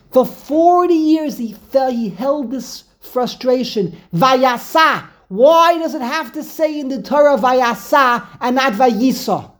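A woman giving an animated scripture lecture, repeating key phrases for emphasis and using many Hebrew terms. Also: sits high, low-quality recording. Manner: uses Hebrew terms throughout. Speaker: Torah teacher.

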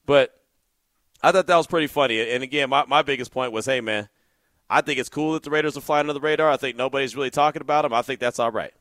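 Bright-voiced man hosting a sports podcast. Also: medium pitch, fast, no echo. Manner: animated storytelling, gets loud and incredulous. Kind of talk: solo sports podcast commentary.

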